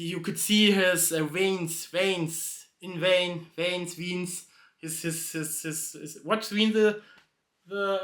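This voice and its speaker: A man's voice: a little high, bright, forceful tone, echoey room. A man telling a joke in a rambling, hesitant way, constantly correcting himself and restarting. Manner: hesitant, self-correcting, many fillers and restarts. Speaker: video host telling a joke.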